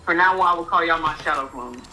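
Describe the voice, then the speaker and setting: A man's voice: on the high side, fast talker, sharp tone, low-quality recording. A young man chatting casually while gaming, teasing his teammates playfully and showing off. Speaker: gamer.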